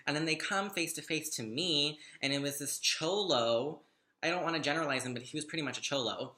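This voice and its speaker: A man's voice: a little high, a little fast, bright, forceful tone. A young man telling a story to the camera, chatty, gossipy and dramatic, with plenty of swearing. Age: young adult. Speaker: vlogger. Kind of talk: casual storytime monologue.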